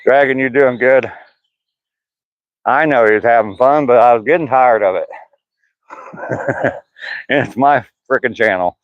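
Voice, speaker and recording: A man's voice: medium pitch, measured pace, pauses often, dry recording, phone-quality sound. Chatty older man on a walk. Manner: chatty, answers chat viewers by name, laughs often. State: sore hip. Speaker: vlogger reading live chat. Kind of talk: casual livestream chat on a walk. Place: outdoors on a walk.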